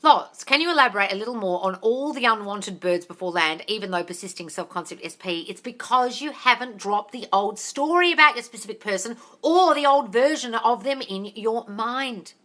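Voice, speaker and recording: Blunt, bright-voiced woman coaching on a livestream. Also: on the high side, animated, normal speed, few pauses. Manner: blunt and profane, calls viewers darling. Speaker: manifesting coach answering viewer questions. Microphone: phone.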